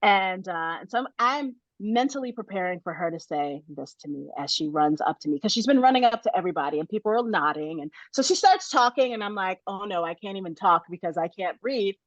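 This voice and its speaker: A middle-aged American woman telling a story in a casual interview, animated and laughing often, with many restarts. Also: medium pitch, a little fast, hardly any pauses, no echo, muffled recording. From United States. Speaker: author guest.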